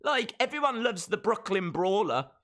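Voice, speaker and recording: A man's voice: sits high, big pitch swings, moderate pace, a bit bright. A British man hosting a live stream, chatting casually, laughing and reading out viewer comments.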